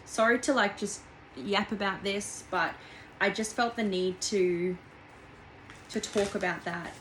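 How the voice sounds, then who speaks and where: A woman's voice: medium pitch, measured pace, a bit bright, a little hiss or hum, poor audio. A woman in her twenties giving a casual, rambling tarot reading from home, heartfelt and full of restarts and fillers. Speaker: tarot reader.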